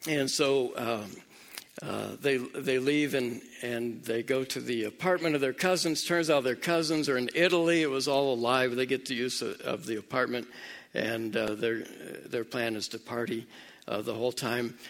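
A man's voice: medium pitch, moderate pace, fairly bright tone. A man casually retelling a film's plot, chatting straight to his listeners. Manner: conversational, speaks straight to listeners.

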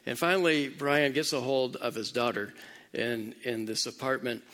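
A man's voice: mid-range voice, steady tone, normal speed, a bit bright. A man casually retelling a film's plot, chatting straight to his listeners. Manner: conversational, speaks straight to listeners.

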